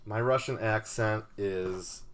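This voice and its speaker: A man's voice: fairly low pitch, slow pace. A man hosting a card-break stream in casual chat, with dry, teasing banter.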